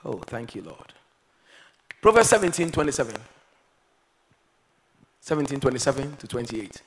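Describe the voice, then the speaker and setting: A man preaching a sermon, moving between quiet, reflective passages and loud, emphatic exhortation. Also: medium pitch, very animated, moderate pace, a little hiss or hum, low-quality recording. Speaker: pastor.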